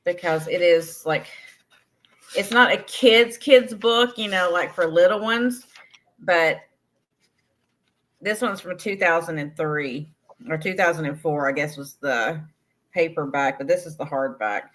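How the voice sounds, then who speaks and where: A woman's voice: fairly low pitch, unhurried. A woman co-hosting a live online sale, chatting casually about books with fillers.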